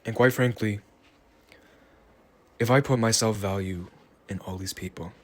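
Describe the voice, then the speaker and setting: A man with a fairly low voice drifts through a reflective solo monologue, rambling and unhurried. He sounds tired and muses aloud at a slow, thoughtful pace. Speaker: vlogger.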